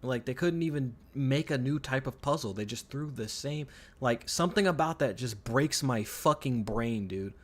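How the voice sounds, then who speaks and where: A man with a mid-range voice, lively intonation and a moderate pace barely pauses as he streams a video game. His live commentary is an exasperated, swear-heavy rant where he repeats himself and restarts trailing sentences.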